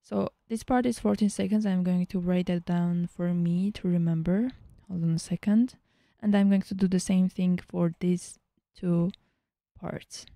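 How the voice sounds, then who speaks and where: A woman hosting a casual software tutorial, chatting as she works and often dropping into a whisper. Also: on the low side, fairly even intonation, measured pace, creaky, dry recording. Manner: chatty, thinking aloud, often drops to a whisper. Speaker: tutorial host.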